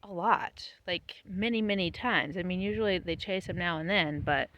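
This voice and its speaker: A woman vlogging casually about her homestead, tired after planting, chatty and laughing often, her voice trailing off softly. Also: on the low side, normal speed, highs cut off, a little hiss or hum. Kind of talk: casual vlog talk to camera. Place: outdoors on a small homestead.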